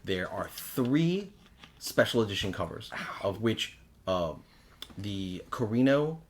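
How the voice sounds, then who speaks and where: A man's voice: lowish voice, lively intonation, takes it slowly. A man co-hosting a game shop's live show, talking up new products in enthusiastic casual chat and laughing often. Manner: enthusiastic, laughs often, loses his words. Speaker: co-host of a game shop show. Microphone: livestream.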